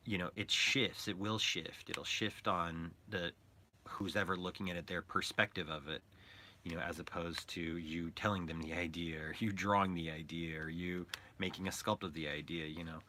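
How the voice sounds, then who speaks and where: Rambling man with a bright voice. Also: deep voice, slight background noise. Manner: rambling, playful, joking aside. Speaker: toy artist and painter. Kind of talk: casual vlog talk.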